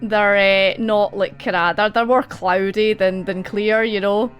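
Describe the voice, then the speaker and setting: A woman's voice: mid-range voice, steady tone, a little slow, dull audio, soft background music. A young Scottish woman narrating as game master, rambling and laughing often.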